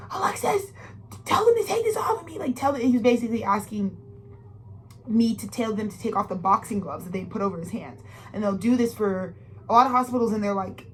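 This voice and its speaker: A woman's voice: medium pitch, slight background noise. A woman in her twenties giving a heartfelt, rambling astrology reading, full of swearing, restarts and personal stories. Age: 20s. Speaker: astrology tarot reader. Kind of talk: emotional monologue reading.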